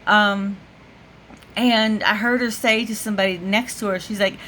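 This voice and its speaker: A woman's voice: medium pitch, steady tone, normal speed, fairly bright tone, slight background noise. A woman vlogger telling a story to the camera in a casual way, laughing often and full of fillers. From United States.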